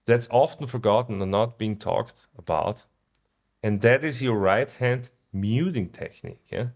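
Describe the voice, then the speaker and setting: A man teaching guitar in a casual video lesson, relaxed and often ending points with a questioning "yeah?". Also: mid-range voice. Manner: sings short phrases to illustrate ideas.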